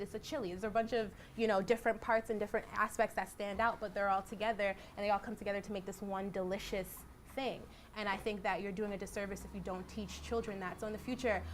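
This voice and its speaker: A young woman, a journalist, telling stories in a casual, animated way and acting out quotes. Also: mid-range voice, a little hiss or hum. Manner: animated, acts out quotes with "I was like". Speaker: journalist guest speaker. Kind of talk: casual storytelling talk. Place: lecture hall.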